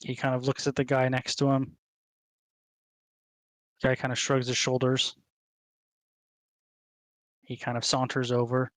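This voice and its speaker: A man's voice: medium pitch, monotone, measured pace, long pauses, no echo. A man narrating as game master in a casual way, with many ums and uhs.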